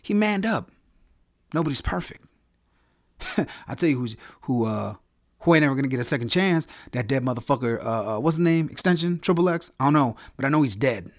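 Male podcast host, foul-mouthed ranter, lively swings in pitch, dry close sound. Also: fairly quick, no room sound. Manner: angry, crude, heckling rant. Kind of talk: profane ranting monologue.

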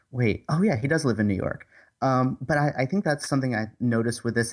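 A man with a fairly low voice co-hosting a casual movie review podcast. He talks with hesitant enthusiasm, full of fillers and restarts, and keeps acting out little bits of dialogue. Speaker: podcast co-host.

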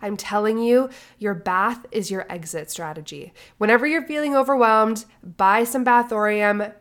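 A woman's voice: mid-range voice, moderate pace. A woman co-hosting a podcast, her voice nasal and stuffy from a cold, chatting upbeat and casual. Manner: upbeat, chatty, fond of "like" and "obsessed". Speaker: podcast co-host. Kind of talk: casual podcast chat and host-read ad.

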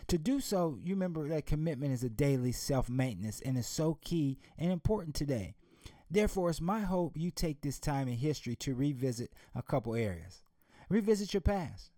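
Fields: lively, emphatic motivational speaker, man. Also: mid-range voice, dry recording, studio quality. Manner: emphatic, preacherly, with rhetorical questions. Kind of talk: motivational talk with storytelling.

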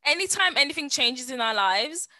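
Woman podcast co-host, high and bouncy, bright, slangy and exclamatory, close and dry. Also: animated, moderate pace, no echo. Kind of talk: casual chat.

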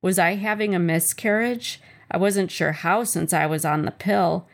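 A woman reading a chapter of her own memoir aloud in a measured, earnest first-person voice. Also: lowish voice.

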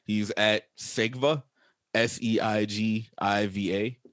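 A man with a fairly low voice co-hosts a podcast in a casual, joking way, trading banter and laughing easily. His voice is recorded close and dry, with no room echo. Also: steady tone, slow pace, fairly bright tone. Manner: laid-back, joking banter with frequent laughs. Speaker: podcast co-host. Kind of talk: casual chat.

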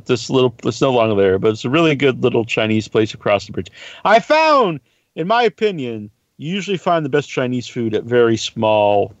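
A man's voice: mid-range voice, no echo. A man on a podcast, chatting casually and telling long, rambling stories with plenty of swearing. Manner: rambling storyteller, swears freely. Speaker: podcast co-host. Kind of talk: casual chat. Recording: slightly dull, dry recording.

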